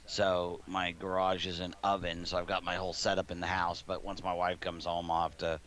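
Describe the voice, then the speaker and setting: A man's voice: deep voice, monotone, brisk, a bit bright. A man in his thirties, gaming streamer, telling a rambling story in casual chat from his living room and laughing often.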